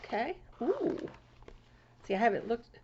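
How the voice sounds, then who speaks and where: A woman from Florida chatting casually to her viewers as she opens mail, gushing and excitable and swooping high over each gift. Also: a little slow, a little hiss or hum. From Florida, USA. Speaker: crafting vlogger. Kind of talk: casual chat opening mail. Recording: lo-fi home video sound.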